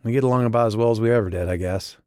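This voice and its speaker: A man voicing a grieving, sharp-tongued young woman in an audiobook, with his voice raised and tearful. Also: rapid-fire, clean tone, no echo, clean studio sound, lightly acted. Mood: grieving, bitter. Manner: raised pitch, tearful and bitter.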